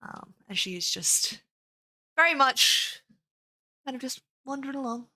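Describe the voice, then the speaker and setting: A woman describing her character during a tabletop game, chatty and quick to laugh. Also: high voice, lively intonation, bright, forceful tone. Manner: giggly, chatty, laughs a lot. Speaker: player and channel host. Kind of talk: casual tabletop play.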